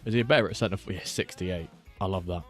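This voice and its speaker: A man streams a watchalong, easygoing and meandering as he talks with viewers and reads out what they send. He's a fast talker with a lowish voice, and soft guitar music plays faintly behind him.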